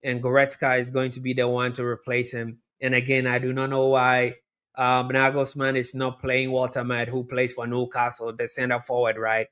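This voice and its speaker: A man with a mid-range, clear and resonant voice hosts a live watch-along at normal speed, chatting through the match and addressing his viewers directly. He's chatty and repeats himself, and he bursts into loud, excited shouting at near misses during this live reaction commentary.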